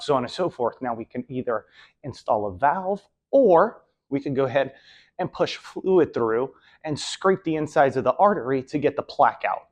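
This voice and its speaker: A man's voice: a little high, animated, normal speed, darkish tone. A young man casually talking to camera with rambling advice, often trailing off with "so on and so forth". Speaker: video host.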